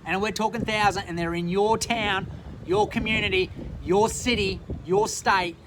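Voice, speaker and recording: Outdoors over the clear drone of a boat motor and the sound of water, an Australian vlogger delivers a forceful, profane rant directly to his phone camera. His voice is raised and high, steady in tone at a moderate pace, and he keeps repeating himself for emphasis amid background noise.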